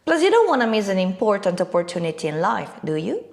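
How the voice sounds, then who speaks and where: A woman teaching an online English lesson in a clear, emphatic, scripted delivery. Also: medium pitch, big pitch swings, quick pace.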